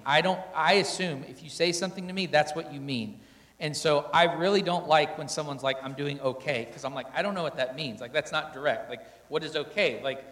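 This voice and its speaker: This man's voice is on the high side and a bit bright as he speaks to a crowd at a couples event, candidly poking fun at himself and quoting both himself and his wife. The storytelling talk carries echoey hall reverb.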